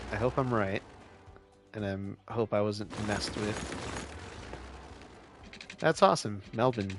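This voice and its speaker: A man from California chatting casually with viewers while he plays a city-building game on a live stream. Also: on the low side. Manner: laid-back, chatty, answers chat questions.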